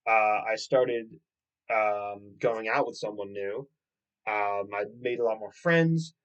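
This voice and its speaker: A young man hosting a podcast, telling a story in an animated, rambling way and swearing freely. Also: on the low side, slow pace, muffled recording. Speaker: podcast host. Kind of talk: casual solo podcast storytelling.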